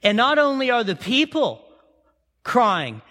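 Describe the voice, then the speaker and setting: A man's voice: very high-pitched, very animated, a little slow, sharp tone. A man preaching a sermon with impassioned storytelling and repeated rhetorical questions, recorded in a church sanctuary. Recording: long reverb of a large hall.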